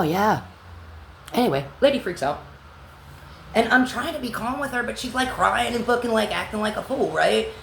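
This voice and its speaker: A woman telling an angry personal story in a blunt, profane vlog monologue that sometimes drops to a low whisper. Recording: echoey room with faint background hum.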